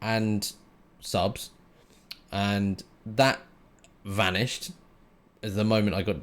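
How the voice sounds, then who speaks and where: A man's voice: lowish voice, steady tone, takes it slowly. A man hosting his own podcast, talking frankly and casually with plenty of fillers and the odd swear word. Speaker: podcast host and streamer. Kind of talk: casual solo podcast monologue.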